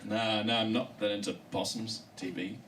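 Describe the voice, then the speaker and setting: A man's voice: on the low side, moderate pace. A male comedian telling a story in a live stand-up comedy set. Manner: storytelling, animated delivery. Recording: distant mic with live room noise.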